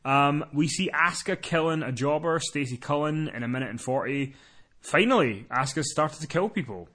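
A man co-hosting a casual podcast, recapping a show in long runs, profane and quick to laugh. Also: on the high side, animated, sharp tone. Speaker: wrestling podcast co-host.

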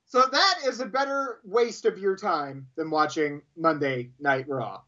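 A man's voice: a little high, unhurried, sharp tone, lo-fi sound. A man co-hosting a casual podcast, teasing and mock-pompous, with a lot of swearing. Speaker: podcast co-host. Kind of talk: casual wrestling podcast chat.

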